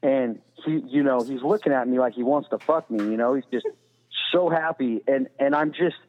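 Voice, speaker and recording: A man's medium-pitched voice, at normal speed, carries a casual, profane, rambling story he tells as a podcast guest, full of "you know." It sounds tinny and phone-like, with long reverb.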